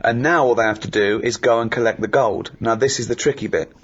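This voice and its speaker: A middle-aged man telling comic anecdotes in casual chat, animated and laughing as he acts out what people said. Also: medium pitch, fairly quick, breathy edge, lo-fi sound. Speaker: comedy podcast host.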